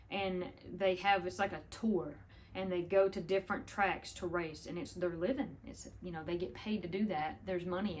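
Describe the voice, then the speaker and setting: A woman, chatting casually to the camera, rambling through a story with laughs. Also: on the low side. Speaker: vlogger.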